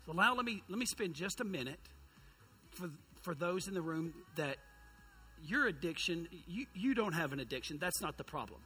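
A high-pitched man preaching to a congregation. His voice is bright and a little husky, and he tells stories in a lively, self-mocking way, full of humor. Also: moderate pace, faint music behind. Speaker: youth pastor. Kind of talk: sermon storytelling.

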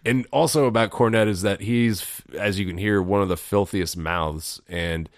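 Deep-voiced man, rambling casual chat. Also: fairly even intonation, moderate pace, no room sound, clean studio sound. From Louisville, Kentucky. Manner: rambling, swears freely, laughs often. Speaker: podcast host.

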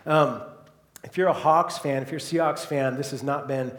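Bright-voiced male pastor preaching. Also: mid-range voice, fairly even intonation, moderate pace, reverberant. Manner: moves between soft, hushed passages and loud, emphatic preaching. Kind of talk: sermon.

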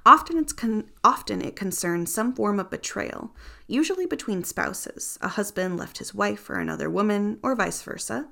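A woman's voice: medium pitch, lively intonation, moderate pace, vocal fry, sharp tone. A woman narrating a nonfiction audiobook in the first person, earnest and reflective.

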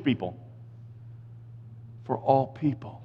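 A man in his fifties preaching a sermon in a casual, jokey way, swinging from hushed asides to shouted lines. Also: a little high, animated, moderate pace. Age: 50s. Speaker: pastor. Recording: muffled sound with long hall reverb.

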